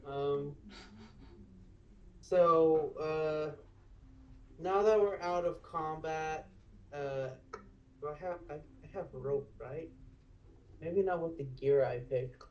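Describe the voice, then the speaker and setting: Male player, slow and hesitant, muffled stream audio. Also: fairly high pitch, darkish tone. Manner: hesitant, thinks aloud with fillers. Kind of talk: casual tabletop play.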